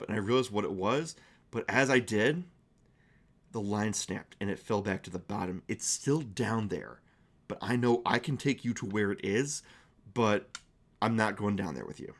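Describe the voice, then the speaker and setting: A jittery small-town barkeep who keeps his voice low and secretive, shaken and worried as he whispers what he knows, as a man puts him on. He stumbles over his words, with a pitch that sits down in a middle register. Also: fast, lightly acted. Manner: shaky, worried, hushed and secretive. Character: nervous adult male barkeep in a small town.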